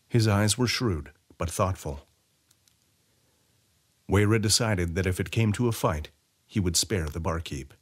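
A man narrating a fantasy short story as an audiobook reader, in an expressive storytelling way. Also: on the low side.

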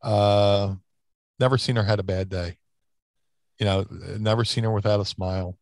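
A man's voice: lowish voice, fairly even intonation, moderate pace, darkish tone, no room sound. A man in a casual interview, telling stories in a rambling way with many restarts and fillers. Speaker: interview guest, former wrestler. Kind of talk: casual storytelling.

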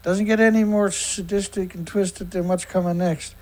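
A sarcastic, indignant show host reads news excerpts and then comments on each one. The voice sits at a middle pitch. The speaker often trips over words and restarts sentences. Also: fairly even intonation, normal speed, poor audio. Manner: stumbles and repeats words.

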